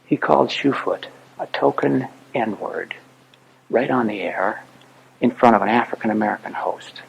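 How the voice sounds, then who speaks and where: A man's voice: mid-range voice, normal speed, creaky, husky, lo-fi sound. A man giving an earnest, emphatic public talk to an audience as an author and speaker.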